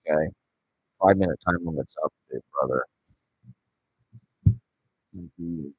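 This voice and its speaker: Husky, low-voiced man ranting profanely. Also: measured pace, pauses often, no room sound, narrow, tinny audio. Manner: profane, rambling, sarcastic. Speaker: podcast host. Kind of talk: solo casual rant.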